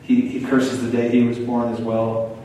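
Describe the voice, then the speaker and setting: A man preaching a sermon in a conversational way, turning lively when he quotes other people. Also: mid-range voice, normal speed, a little hiss or hum. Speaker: pastor. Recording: echoey hall, far from the mic.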